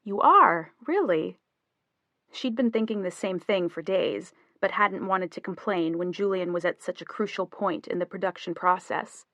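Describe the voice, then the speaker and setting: A woman narrating a novel as an audiobook, in measured scripted storytelling. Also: on the low side, steady tone, dry recording.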